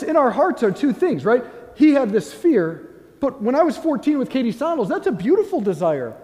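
A man preaching as a priest in a church, earnest and gentle, telling a story and then guiding the listeners in prayer with soft pauses. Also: high voice, big-room sound. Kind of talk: sermon with guided prayer.

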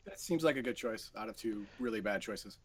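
A man with a husky voice tossing in quick, brief asides as co-host. He talks fast, and the recording is dry. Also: fairly low pitch, expressive, no echo.

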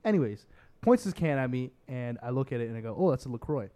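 This podcast co-host, a man in his twenties, talks fast with a clean, medium-pitched tone. He's an animated storyteller recounting a family tale casually and doing exaggerated impressions of his parents.

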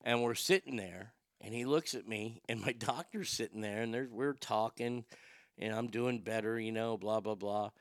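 A man's voice: on the low side, moderate pace, no room sound. A male radio host telling personal stories in a rambling, profane, darkly funny way. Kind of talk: casual storytelling monologue.

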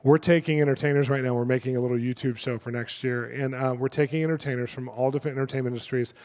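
A middle-aged male pastor preaching a sermon through lively personal stories, acting out the people in them. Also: medium pitch, fast, big-room sound. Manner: animated, acts out the people in his stories. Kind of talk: sermon storytelling.

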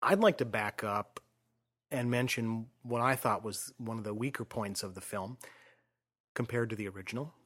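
A man hosting a casual film discussion, explaining his views in a measured way and trailing off softly at the ends of phrases. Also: fairly low pitch, breathy edge.

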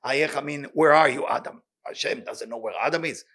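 A man leads a weekly Torah class, reading Hebrew quickly and then translating it into plain talk. His delivery is animated and excitable, and his mid-range voice is slightly rough.

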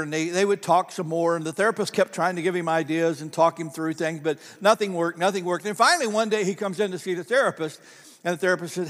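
Man, pastor, sermon, high pitch, storytelling, church hall reverb. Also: brisk. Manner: conversational storytelling with laughs and repeated phrases.

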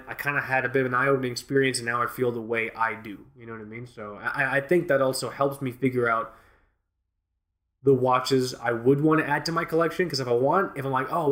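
A man's voice: mid-range voice, fairly bright tone. A man co-hosting a watch podcast in casual chat, rambling and joking with lots of fillers and restarts. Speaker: podcast co-host.

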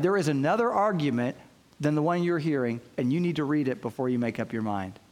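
A man preaching a sermon, telling stories with lively acted-out quotes and frequent restarts. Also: high voice. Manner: storytelling, acts out quoted voices, frequent restarts. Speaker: pastor.

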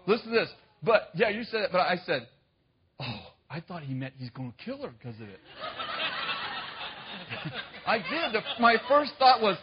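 A man's voice: high-pitched, sing-song, a little slow, pauses often, dull audio. A man preaching, telling a personal story with self-mocking humor and frequent laughs. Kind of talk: storytelling sermon.

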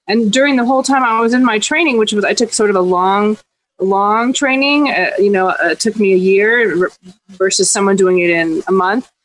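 A woman's voice: medium pitch, rough recording. A woman sharing a personal story, earnest and reflective, in a casual group conversation.

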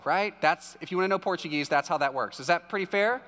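Pastor, male, chatty sermon delivery with jokey asides, slightly high voice, reverberant hall. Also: fast, fairly bright tone. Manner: conversational preaching with jokey asides.

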